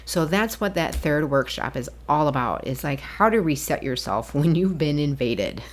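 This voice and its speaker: Woman, low voice, solo podcast host, rambling and chatty, laughs easily. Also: animated, normal speed. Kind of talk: casual solo podcast monologue.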